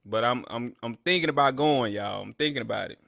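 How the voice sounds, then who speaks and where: A man's voice: mid-range voice, fairly quick, vocal fry, fairly bright tone, dry recording, studio quality. A man hosting a live sports listen-along stream, chatting casually to his viewers, trash-talking rivals and ranting at the broadcaster. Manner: boastful trash talk, then ranting complaints; talks straight to his chat audience. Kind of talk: casual live fan commentary.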